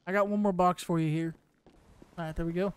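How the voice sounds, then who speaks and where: A man's voice: sits high, steady tone, a little fast, clear, resonant tone. A man playing an arms dealer in a game roleplay, chatting casually with laid-back joking asides to his viewers. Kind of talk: casual gameplay commentary and in-character talk.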